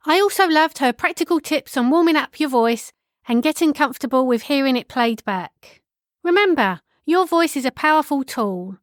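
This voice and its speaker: High-voiced woman reading a podcast outro. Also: dry recording, studio quality. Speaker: podcast host. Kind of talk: scripted outro narration.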